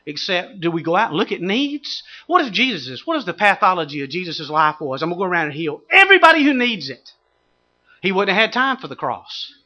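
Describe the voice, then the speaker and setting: The sound is lo-fi and the voice is high: a middle-aged pastor delivering a sermon. What starts as an animated, funny tale from his own experience swells into shouted, fervent exhortation.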